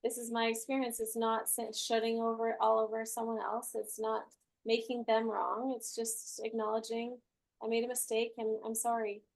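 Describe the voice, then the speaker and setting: A woman's voice: a little high, little pitch movement, normal speed, creaky. A woman hosting a group class on a video call, chatting casually and telling a story with lots of laughter. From Utah. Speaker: group coaching class host.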